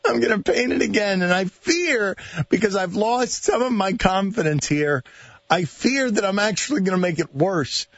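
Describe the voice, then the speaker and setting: High-voiced, stammering male radio host. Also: expressive, normal speed, fairly bright tone, no echo. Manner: self-deprecating, stammering, laughs often. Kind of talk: casual radio banter. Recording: dull lo-fi radio broadcast, dry.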